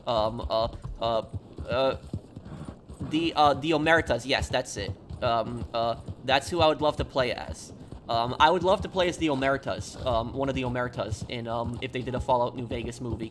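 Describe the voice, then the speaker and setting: Man, game streamer, casual chat, halting delivery, restarts, middle pitch. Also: slight background noise. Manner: hesitant, halting, full of restarts.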